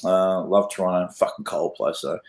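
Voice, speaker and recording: A man's voice: low voice, normal speed, creaky, darkish tone, roomy sound, rough recording. A man with an Australian accent, a guest telling loose, sweary stories in a casual interview. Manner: swears freely, loose storytelling. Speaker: guest, mastering engineer.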